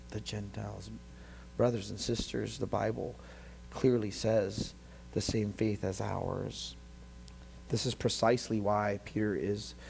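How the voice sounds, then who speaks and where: A man preaching a sermon as a pastor. He alternates between quiet, slow phrases and fast, passionate passages, and acts out voices of biblical figures. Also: fairly low pitch, vocal fry, a little hiss or hum. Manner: swings from quiet to loud, shouting passionately at peaks.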